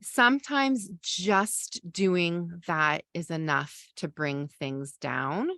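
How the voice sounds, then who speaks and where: Lower-voiced woman coaching parents. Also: extremely slow, a bit bright, dry recording, studio quality. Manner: conversational, explains with everyday examples, many fillers. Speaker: parenting coach and podcast host. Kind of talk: teaching masterclass talk.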